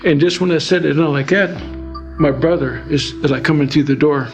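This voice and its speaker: A man's voice: a little high, brisk, faint music behind. A middle-aged man from Alaska telling his life story in a rambling, filler-heavy way, as a guest in an interview. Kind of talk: personal testimony.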